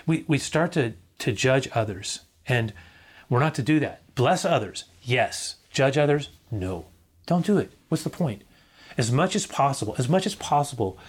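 A middle-aged man preaches in an earnest pastoral tone. He repeats his key lines and now and then falls almost to a whisper. His pitch sits in an ordinary middle range for a man. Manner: earnest, repeats key phrases, drops to a near whisper at times. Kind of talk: sermon.

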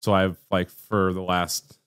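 A man with a fairly low voice hosts a loose, casual podcast, rambling through restarts and exasperated asides. The recording is dry and close, with no room sound. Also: level tone, unhurried, fairly bright tone, smooth, no echo. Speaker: podcast host.

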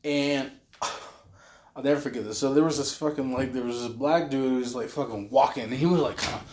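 A man from Utah telling a road story in a casual chat, profane and animated, acting out what people said. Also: medium pitch, brisk. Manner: profane, animated storyteller who acts out quotes. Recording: roomy echoey room.

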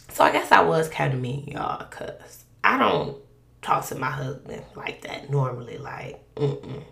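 A woman telling a personal faith testimony in a conversational, animated, colloquial way. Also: sits low, gravelly, roomy sound. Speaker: podcast guest sharing a testimony.

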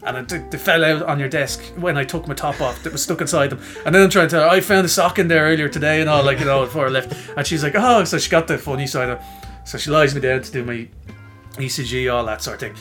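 Animated man telling a story. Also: mid-range voice, quick pace, faint music behind. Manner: animated, self-mocking, acts out quoted voices. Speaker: podcast co-host. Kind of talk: casual storytelling chat.

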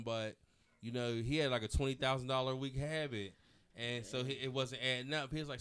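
A man co-hosting a casual radio talk show, telling animated, slang-heavy stories and acting out quotes. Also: medium pitch, quick pace, smooth. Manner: slangy, animated storyteller who acts out quotes. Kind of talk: casual podcast banter and storytelling.

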